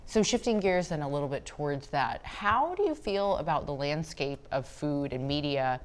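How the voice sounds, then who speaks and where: A woman's voice: low-pitched, big pitch swings, moderate pace. A woman hosting a podcast, asking questions and reminiscing enthusiastically in casual chat. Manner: enthusiastic, laughing easily. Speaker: podcast host.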